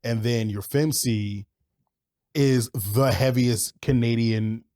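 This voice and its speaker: Man, mid-pitch, co-host; loose rambling chat, filler-heavy, swears freely. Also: fairly even intonation, slow, mellow. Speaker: podcast co-host. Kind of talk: casual chat.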